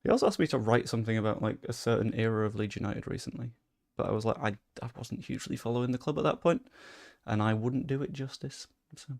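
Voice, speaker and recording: A young man chatting casually while commentating his game, swearing and bursting out in excitement. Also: mid-range voice, quick pace, creaky, hardly any pauses. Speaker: gaming streamer.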